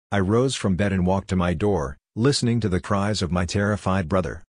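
Deep, husky male horror narrator. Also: no echo, clean studio sound. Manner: measured, grave storytelling delivery. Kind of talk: scripted horror story narration.

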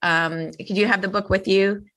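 A woman's voice: mid-range voice, steady tone, normal speed, fairly bright tone. A woman hosting a podcast, chatting in an effusive and empathetic way. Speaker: podcast host. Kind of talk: casual podcast conversation.

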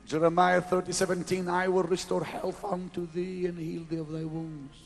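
A man preaching a revival sermon at a large crusade, swinging from loud exclamations to hushed whispers in a slow, drawn-out delivery. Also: high voice, little pitch movement. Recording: 1990s live event recording with faint music.

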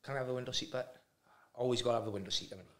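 A man's voice: medium pitch, very fast. A man telling a funny travel story in casual chat, acting out the other people's voices. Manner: animated anecdote-telling with voiced impressions. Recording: roomy echo.

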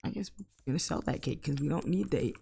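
A woman giving casual Let's Play commentary, exasperated and bursting into loud outbursts at the game. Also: low-pitched, fast talker, vocal fry, slightly rough. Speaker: gaming YouTuber.

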